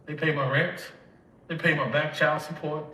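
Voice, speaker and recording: Fairly high, pushed and bright, yet flat in delivery, this voice moves at a moderate pace. It belongs to a tearful older Mississippi man with a Southern accent giving an emotional testimony of his life and acting out recalled dialogue, captured distantly in an echoey room.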